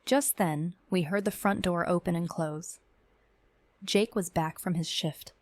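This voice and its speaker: A woman giving measured, tense first-person narration of a scripted horror story. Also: lowish voice, fairly even intonation, dry recording.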